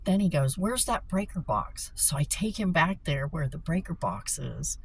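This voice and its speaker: A woman casually telling a story, animated and excitable, with frequent swearing. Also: low voice, normal speed, slight background noise, low-quality recording. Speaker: vlogger.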